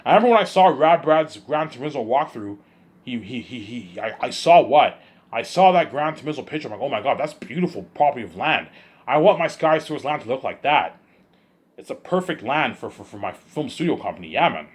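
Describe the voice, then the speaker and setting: A man with a husky voice rambles through a solo monologue, daydreaming aloud. He talks quickly, restarting sentences and repeating himself, with lively swings in pitch. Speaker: vlogger.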